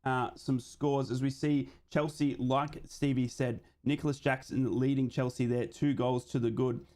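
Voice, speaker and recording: A man's voice: mid-range voice, level tone, normal speed, a little mellow. A man hosting a live football watchalong, giving running play-by-play and reading out viewer comments. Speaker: host of a live match watchalong stream.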